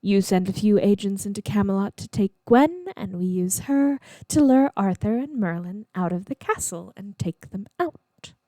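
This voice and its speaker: A woman's voice: mid-range voice, animated, moderate pace, hardly any pauses, warm tone, no room sound, close to an everyday voice. A woman voicing an ambitious young noblewoman who speaks in an impatient, pressing tone. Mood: plotting.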